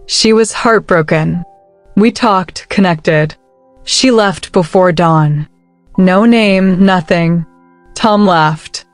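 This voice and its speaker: A woman narrating a story in a measured, even delivery. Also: lowish voice, no echo, faint music behind.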